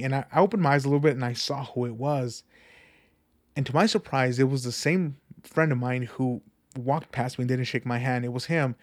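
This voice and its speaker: A young man sharing a personal faith testimony in an earnest, animated, conversational way, often repeating himself. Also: medium pitch. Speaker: church member sharing testimony.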